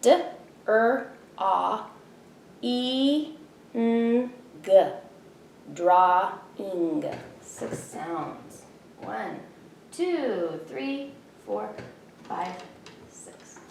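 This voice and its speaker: A woman's voice: mid-range voice, expressive, very slow, vocal fry, long pauses, reverberant, slight background noise. A woman teacher in her thirties giving a spelling lesson from home, patiently sounding out each letter.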